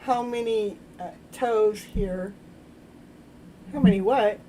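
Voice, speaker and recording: A woman's voice: medium pitch, takes it slowly, mellow, a little hiss or hum, poor audio. A woman hosting a live tarot stream, chatting casually in a giggly, playful, rambling way. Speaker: live tarot reader and show host.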